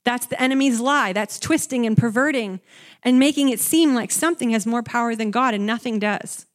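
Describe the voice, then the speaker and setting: A young woman preaches in a chatty, animated way. She jumps high when she acts out the frightened disciples. Her voice sits a little high, and she drops soft when she reflects. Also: fairly quick. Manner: animated, conversational, acts out the disciples with rising pitch. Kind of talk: sermon.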